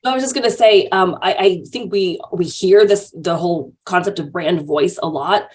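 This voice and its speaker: A woman with a fairly low voice, hosting a podcast. She puts her questions to the guests with curiosity and a bit of hesitation. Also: normal speed, darkish tone. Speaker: podcast host. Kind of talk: casual interview questions.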